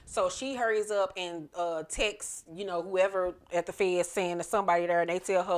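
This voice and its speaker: A woman's voice: lowish voice, moderate pace. A woman casually recapping a TV episode, chatty and profane, acting out the characters' lines as she goes. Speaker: TV episode reviewer.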